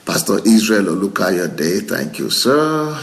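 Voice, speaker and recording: A middle-aged male pastor, reading viewer comments aloud on a livestream, laughing often and breaking into excited exclamations. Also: fairly low pitch, a little slow, gravelly, slight background noise. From Nigeria.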